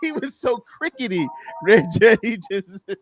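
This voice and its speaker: A man's voice: sits high, sing-song, unhurried, faint music behind. A man co-hosting a casual football draft livestream, laughing often and repeating words as he talks. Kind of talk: casual sports chat.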